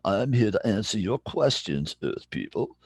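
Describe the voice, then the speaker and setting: A man's voice: lowish voice, sing-song, a little slow, husky, dry recording, studio quality, exaggerated voice. A man voicing a pompous male alien commander in a put-on English accent, speaking in a grand, announcing way. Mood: grandiose.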